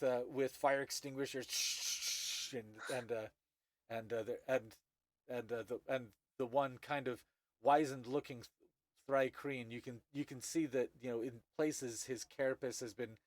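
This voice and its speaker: A man narrating as game master, halting with many restarts. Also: medium pitch, fairly even intonation, no room sound.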